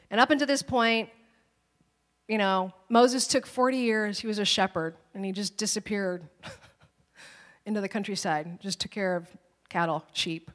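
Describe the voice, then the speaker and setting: Chatty woman preaching in a reverberant hall. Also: medium pitch. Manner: conversational, animated, acts out quoted voices. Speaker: pastor. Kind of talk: sermon with personal stories. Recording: long reverb of a church hall.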